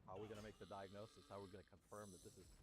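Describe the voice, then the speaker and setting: A man speaking as a guest physician in an interview, explaining in a measured way and often rephrasing. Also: fairly low pitch, little pitch movement, low-quality recording. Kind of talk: interview discussion.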